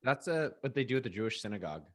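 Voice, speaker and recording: A man's voice: medium pitch, sing-song, very fast, fairly bright tone. A man talking as a guest on a podcast, casual, offhand and joking. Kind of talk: casual interview chat.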